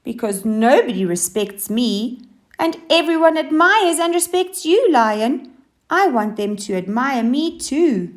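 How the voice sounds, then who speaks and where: A woman voicing a whiny, eager young female hyena in a storybook reading, pleading in a high, loud voice. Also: animated, a little slow.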